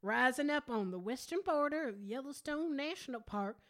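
A woman's voice: sits high, lively intonation, fairly bright tone. A woman putting on a drawling Southern belle. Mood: grandiose. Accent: put-on Southern US. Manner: slow, theatrical ad-reading drawl. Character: drawling Southern belle reading bottle copy grandly.

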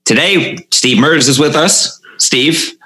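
A man hosting a comedy podcast in casual chat, laughing a lot and speaking in halting phrases. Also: a little high, bright, forceful tone, low-quality recording. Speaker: podcast host.

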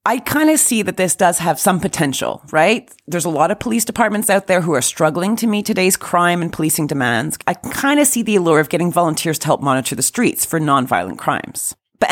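A woman's voice: fairly low pitch, very animated, a little fast, few pauses. A woman co-hosting a casual chat, who explains things step by step and laughs often. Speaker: podcast co-host.

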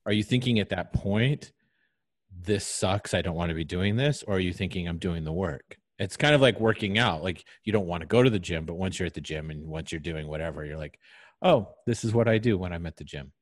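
A man hosting a podcast, asking questions in a relaxed, joking way. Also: low-pitched, dry recording, studio quality. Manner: joking, tosses in quick questions. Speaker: podcast host. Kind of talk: casual conversation.

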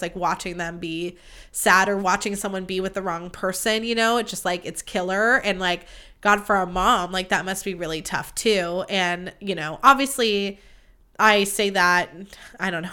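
A woman's voice: medium pitch, pushed and bright, clear, resonant tone. A young woman hosting her own podcast, chatting candidly in a rambling, confessional way and swearing freely. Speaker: podcast host. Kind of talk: casual solo podcast chat.

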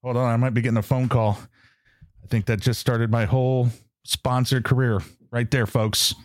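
A man's voice: medium pitch, flat delivery, moderate pace, no echo, studio quality. A man hosting a pop culture podcast, talking casually and joking at his own slip-ups. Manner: self-mocking, joking. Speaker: podcast host. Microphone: studio mic.

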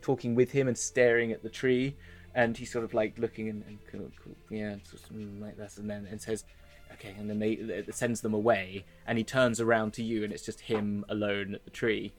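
A man running a tabletop game, describing scenes in a loose, rambling way full of hedges and fillers. Quiet music plays faintly under his voice. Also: on the low side, flat delivery, brisk. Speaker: dungeon master.

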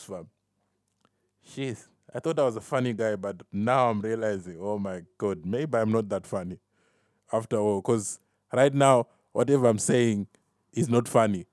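A man's voice: lowish voice, darkish tone, dry recording, clean studio sound. A man hosting a solo podcast, rambling and self-mocking, laughing at his own jokes and dropping "fam" into his talk. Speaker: podcast host.

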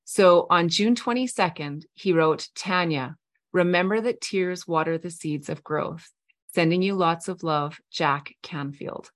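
A middle-aged woman hosting a podcast, telling a personal story in a heartfelt, earnest way with soft pauses. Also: lowish voice. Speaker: podcast host. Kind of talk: reflective storytelling monologue.

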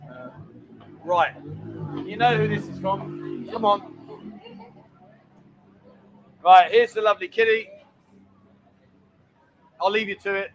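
Man, London accent, higher-pitched voice, casual talk-show host, jokey and chatty. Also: huge pitch swings, unhurried, long pauses, slight background noise, poor audio. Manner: chatty, jokey, often says mate and darling. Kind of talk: casual chat.

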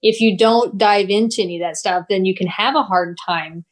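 A woman's voice: mid-range voice, normal speed. Woman artist talking casually as a guest. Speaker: guest artist, college teacher. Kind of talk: casual interview chat.

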